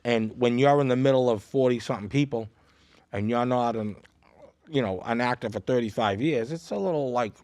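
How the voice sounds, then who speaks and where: A man with a thick Boston accent chats as a podcast guest and spins animated, boastful stories with a wink in them. His voice sits at a middle pitch. The studio sound is dry and close. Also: fairly quick, no echo. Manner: animated storyteller, jokey and boastful. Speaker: guest comedian. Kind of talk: casual podcast chat.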